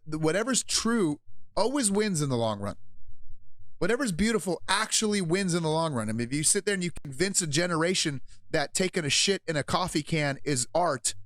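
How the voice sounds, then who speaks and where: A man hosting a podcast, talking through a blunt, profane opinion monologue that swings between flat and loud. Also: a little high, no room sound. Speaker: podcast host.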